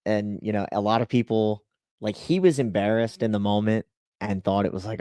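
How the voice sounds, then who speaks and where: A man who works as a race team spotter, casually telling a story with animated delivery and lots of "like" and "you know". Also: fairly low pitch, normal speed, no echo, studio quality.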